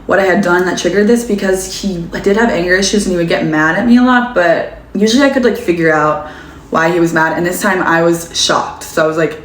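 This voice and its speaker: A woman's voice: lowish voice, fast talker. A young woman telling a personal story in a casual, chatty vlog style, full of "like" fillers. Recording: echoey room, faint background noise.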